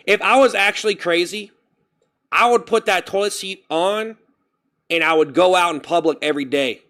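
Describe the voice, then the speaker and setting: A man chatting on his live stream, rambling and animated, breaking off to thank viewers for donations. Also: a little high. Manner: rambling, animated, jumps to loud self-scolding; reads out and thanks chat donations. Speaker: livestreamer. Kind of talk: casual stream chat.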